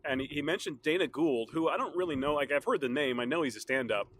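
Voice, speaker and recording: He's a fast talker with a high-ish, fairly bright voice, hosting his own podcast alone and chatting in a rambling, casual style full of laughs. A little soreness shows in his throat, and there's slight background noise.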